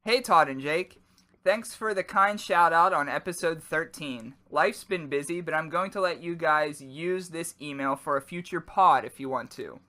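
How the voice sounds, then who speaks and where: Bright-voiced joking man, mouth full. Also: fairly high pitch, normal speed. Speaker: podcast co-host. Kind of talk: casual chat while eating.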